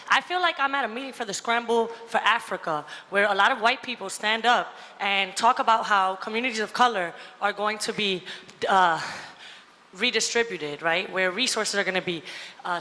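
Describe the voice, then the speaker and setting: A woman's voice: medium pitch, bright, forceful tone. Fiery woman testifying in a hall. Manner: fiery, emotional. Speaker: public commenter. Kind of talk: impassioned public testimony. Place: large public hearing hall. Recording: long hall reverb.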